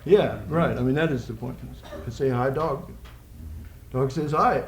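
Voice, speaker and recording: A man's voice: mid-range voice, a little fast, darkish tone, slight background noise. A man giving a live poetry reading with playful, rambling asides, chuckling between lines. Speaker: poet. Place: college social room with audience. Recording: echoey live room recording.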